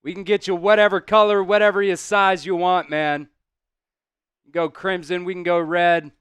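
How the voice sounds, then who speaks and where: A man hosting a live stream, calling plays casually, reacting loudly, swearing and talking to his chat. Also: sits high, moderate pace, smooth, dry recording. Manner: excitable, swears, talks to chat. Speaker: host doing live play-by-play.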